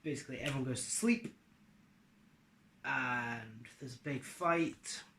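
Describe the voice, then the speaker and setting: Male vlogger, bright and forceful tone, offhand chatty delivery, echoey room. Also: mid-range voice, unhurried. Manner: loose, offhand, with fillers and casual swearing. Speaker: video creator summarizing his series adaptation. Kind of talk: casual rambling explanation.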